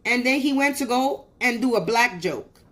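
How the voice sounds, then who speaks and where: A woman's voice: a little high, lively intonation, normal speed, a bit bright. A woman venting into her phone on a livestream. She tells the story in a heated, profane rush, often stopping and starting over mid-sentence. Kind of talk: venting casual monologue.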